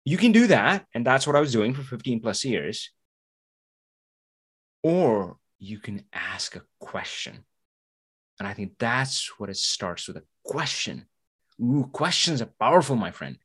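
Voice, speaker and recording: A man's voice: medium pitch, big pitch swings, unhurried, a bit bright, breathy edge. A man hosting a podcast, talking in a motivational monologue, acting out little voices and asking rhetorical questions. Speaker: podcast host.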